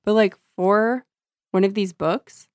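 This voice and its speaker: A woman's voice: mid-range voice, takes it slowly, no echo, clean studio sound. A young woman co-hosting a podcast, chatting casually about a book and reading excerpts aloud. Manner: relaxed, reads excerpts aloud. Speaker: podcast co-host.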